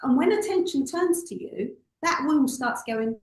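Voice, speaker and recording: A woman's voice: high-pitched, unhurried, reverberant, poor audio. A woman, a public speaking coach, telling stories expressively as an interview guest. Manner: expressive, acts out voices in anecdotes.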